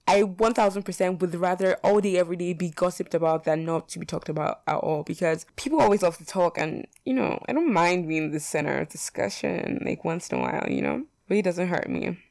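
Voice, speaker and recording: A young woman talks through would-you-rather picks in a loose, chatty way, full of fillers and blunt opinions with the odd swear. Her voice sits a bit low for a woman. The sound is dry and close, with no room echo. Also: fairly quick, creaky, hardly any pauses, darkish tone. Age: young adult. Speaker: vlogger.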